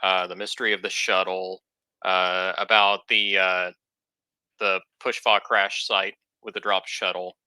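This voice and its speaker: A man player in a tabletop game, speaking in a thoughtful, relaxed way. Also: sits low, measured pace, clear, resonant tone, no room sound, rough recording. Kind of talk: casual tabletop game chat.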